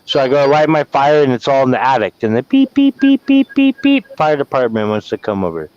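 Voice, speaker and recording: A man's voice: mid-range voice, very animated, fast, darkish tone, no echo. A man from Wyoming, rambling and swearing as he vents emotionally in a casual chat. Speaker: guest caller venting. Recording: dull lo-fi sound.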